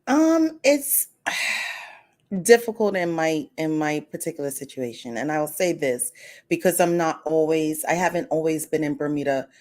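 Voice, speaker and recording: A woman co-hosting a talk show in a notably low voice. She talks thoughtfully and a bit hesitantly, pausing with ums. The tone is casual studio conversation. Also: animated, darkish tone.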